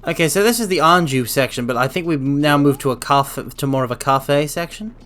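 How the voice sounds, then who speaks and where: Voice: mid-range voice, fairly quick, fairly bright tone. A game streamer chatting casually while playing, rambling playfully and dropping into silly sound effects.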